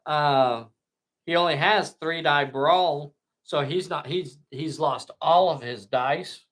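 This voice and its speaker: Slow, bright-voiced man narrating a tabletop game. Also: fairly high pitch. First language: not English. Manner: slow, dramatic narration of the action. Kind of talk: casual play-by-play of a tabletop game.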